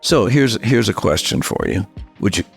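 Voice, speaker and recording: Male podcast host, very low, gravelly, patient explainer. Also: expressive, moderate pace, faint music behind. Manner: patient, asks rhetorical check-in questions. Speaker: parenting author and podcast host. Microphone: studio microphone at a table.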